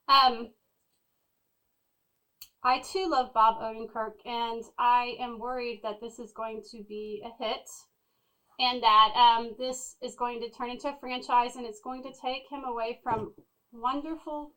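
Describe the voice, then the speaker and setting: A woman reviewing a movie in casual chat, speaking in a measured, deliberate way. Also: a little high, a bit bright, poor audio. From Texas.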